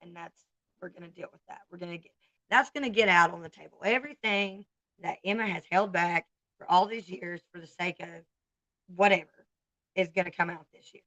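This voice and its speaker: A woman's voice: on the low side, brisk, a bit bright, no room sound, rough recording. A woman in her forties with a Southern US accent, chatting bluntly and candidly to viewers on a casual livestream. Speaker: livestream host.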